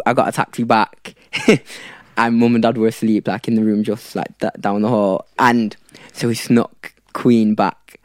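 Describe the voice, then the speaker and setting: Young male podcast guest from South Africa, low-pitched, loose and chatty, tells stories with fillers. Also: darkish tone, no echo, clean studio sound. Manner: rambling, with fillers and laughs. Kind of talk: casual storytelling.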